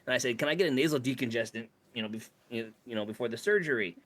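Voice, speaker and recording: A man's voice: medium pitch, fast, a bit bright. A man in casual chat with friends, blunt and swearing when indignant.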